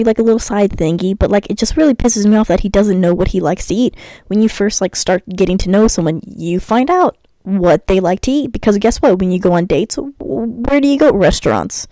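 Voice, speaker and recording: A woman's voice: medium pitch, fairly quick, dark tone, no echo, poor audio. A young woman ranting about a cartoon episode in a sassy, exasperated way, sighing often and stumbling over her words. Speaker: YouTuber reviewing a cartoon episode. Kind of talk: ranting commentary while gaming.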